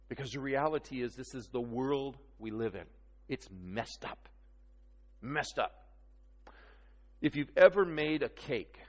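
A man preaching a sermon, conversational and animated, asking his listeners questions. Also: medium pitch. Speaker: pastor. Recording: long hall reverb.

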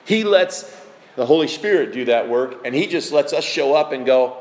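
Animated preacher in an echoey hall. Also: male voice, mid-range voice, fairly quick. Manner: animated, conversational, emphatic. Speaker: pastor. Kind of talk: sermon.

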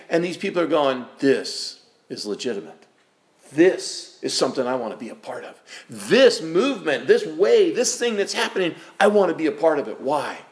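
A man preaching a sermon as pastor, emphatic, asking rhetorical questions and acting out the voices he quotes. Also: a little high.

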